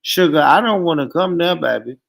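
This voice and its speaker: A man hosting a live stream in casual chat, animated and profane, laughing often. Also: fairly high pitch, fairly quick, creaky, rough recording.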